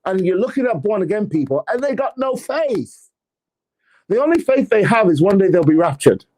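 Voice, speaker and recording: Energetic preacher man. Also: high voice, husky. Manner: energetic, sarcastic, preacher-like emphasis. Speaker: apostle and church leader. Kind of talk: motivational faith and money talk.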